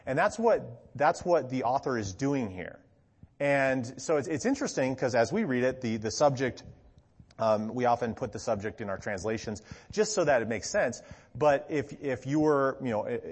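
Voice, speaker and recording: Man preaching in a reverberant hall. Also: medium pitch. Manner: conversational, frequent "okay?" check-ins, animated emphasis. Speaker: pastor. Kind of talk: teaching sermon.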